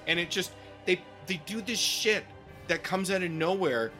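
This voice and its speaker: A middle-aged man, co-hosting a casual gaming podcast and ranting in an animated, profane way into a podcast mic. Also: high-pitched, normal speed, faint music behind. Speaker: podcast co-host.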